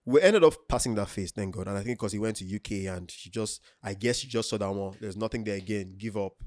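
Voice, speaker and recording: A man in his thirties with a Nigerian accent, a podcast co-host telling stories in a lively, laughing way. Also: on the low side, fast talker, no echo, studio quality. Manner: animated, laughs often, acts out quotes. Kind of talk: casual storytelling chat.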